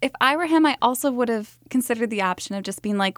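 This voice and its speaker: A woman's voice: on the high side, lively intonation, fast, no room sound, clean studio sound. A woman hosting a podcast interview, talking in a candid, reflective way. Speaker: podcast host.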